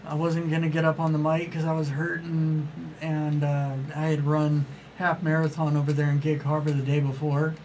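A man with a voice pitched a touch above average talks as an author on a casual radio interview. He rambles through his stories with enthusiasm and plays out the dialogue he quotes. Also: monotone, normal speed, hardly any pauses, a little mellow, slight background noise, low-quality recording.

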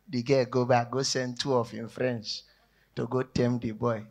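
Male Nigerian stand-up, average pitch, relaxed delivery, chuckles at his own jokes. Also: normal speed. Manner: laid-back, laughing at his own jokes. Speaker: stand-up comedian. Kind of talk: stand-up joke telling in Pidgin.

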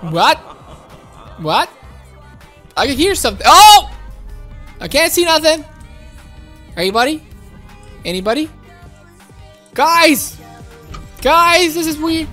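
Woman, gaming video host, excited game commentary, extremely high voice. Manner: excitable, exclaiming, talks to viewers.

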